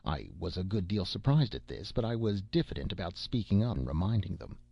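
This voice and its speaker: A man's voice: deep voice, big pitch swings, fairly quick, vocal fry, mellow, breathy edge, dry recording, muffled recording. A man reading a classic satire aloud in a folksy first-person storytelling manner with rustic grammar. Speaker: narrator.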